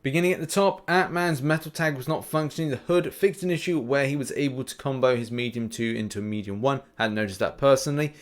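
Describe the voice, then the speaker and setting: A young man hosting a mobile game news show, talking in a chatty, animated way with plenty of fillers and restarts. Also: mid-range voice, fast talker, hardly any pauses. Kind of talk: casual gaming news commentary.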